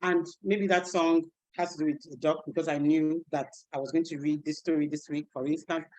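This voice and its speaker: A woman's voice: sits low, brisk. A woman teacher and storybook author, playfully demonstrating how she reads a story to young children in class. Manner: animated, playful, laughing.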